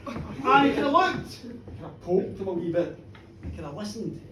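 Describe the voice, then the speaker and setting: Animated woman telling a gory tale live. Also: mid-range voice, normal speed, background noise. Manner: animated, playful, acting out the tale. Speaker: storyteller. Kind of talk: live comic storytelling. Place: pub in front of an audience. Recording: roomy, distant live pub recording. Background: audience.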